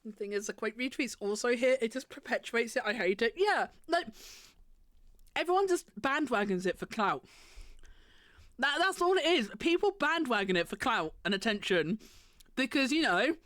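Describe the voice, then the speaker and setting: A woman's voice: fairly high pitch, a bit bright, dry recording, clean studio sound. A woman streamer ranting in casual chat, sweary and sarcastic, slipping into mocking voices.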